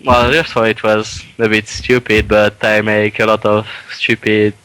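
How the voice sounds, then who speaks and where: A young man answering as a guest in a casual chat, halting and plain. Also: fairly low pitch, little pitch movement, a bit bright, smooth, no room sound, low-quality recording. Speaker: guest player.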